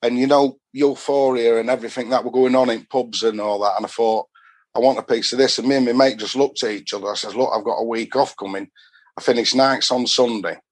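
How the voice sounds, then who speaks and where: A man's voice: mid-range voice, fairly even intonation, brisk. Chatty Yorkshire man telling stories. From Doncaster, Yorkshire, England. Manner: chatty, rambling, dialect-heavy. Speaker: podcast guest. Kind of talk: casual storytelling.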